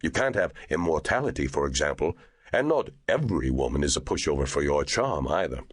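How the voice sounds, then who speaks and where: A man voicing a huge, genial angel in human form who talks in a slow, scoffing drawl. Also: extremely low pitch, sing-song, husky, no room sound, heavily acted.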